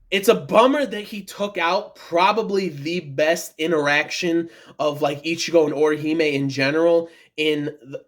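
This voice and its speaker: A man reviewing an anime episode in a casual, rambling, excited monologue. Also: on the high side. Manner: rambling, many fillers and restarts, excited. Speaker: anime reaction vlogger.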